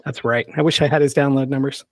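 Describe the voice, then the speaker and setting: A man's voice: medium pitch, fairly even intonation, fast talker, dry recording. A man hosting a podcast, chatting casually in an enthusiastic, joking way. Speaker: podcast host. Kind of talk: casual chat.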